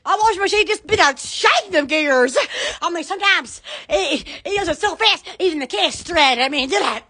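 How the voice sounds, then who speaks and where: A woman's voice: very high-pitched, animated, brisk. Shrieking, giddy woman. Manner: loud, giddy, laughing and shrieking. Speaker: live-stream host. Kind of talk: comedic live-stream chatter.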